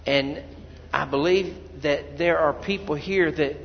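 High-voiced preacher in a dull echoey hall. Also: male voice, a little slow, creaky. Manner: preaching with sudden loud cries when voicing people praying. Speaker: pastor. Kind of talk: sermon.

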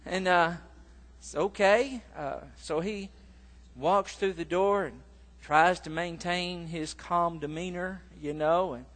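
A man's voice: sits high, slow pace, a bit bright, long reverb tail. A man preaching a sermon as pastor, telling a folksy story with lots of fillers, then reading scripture.

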